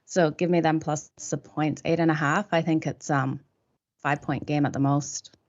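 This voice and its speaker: Australian woman co-host, low-pitched, easygoing picks reader, muffled audio. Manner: relaxed, reads stats with pauses and fillers. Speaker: podcast co-host, betting analyst. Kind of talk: casual sports betting chat.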